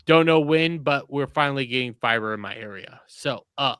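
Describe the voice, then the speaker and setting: A man's voice: medium pitch, normal speed, a bit bright, clear, resonant tone, dry recording. A man hosting a casual live-stream chat who reads viewer donation messages aloud and swears casually. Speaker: show host.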